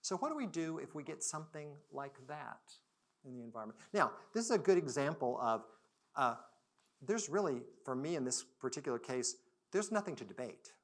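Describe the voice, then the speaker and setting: A man giving a conversational storytelling talk at a business culture summit, shifting between quiet and loud moments. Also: a little high, big pitch swings, fairly quick. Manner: conversational, dramatic swings between soft and loud. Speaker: conference speaker.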